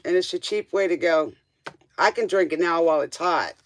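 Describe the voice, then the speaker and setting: A woman's voice: lowish voice, animated, a little fast. A woman hosting a live tarot stream, chatting casually with viewers and laughing often.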